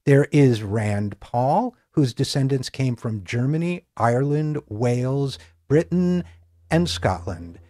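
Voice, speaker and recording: A man's voice: mid-range voice, slow, warm tone, no echo, studio quality. A middle-aged man hosting a political commentary show, delivering a scripted monologue with sarcastic, mocking asides. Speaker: political talk show host.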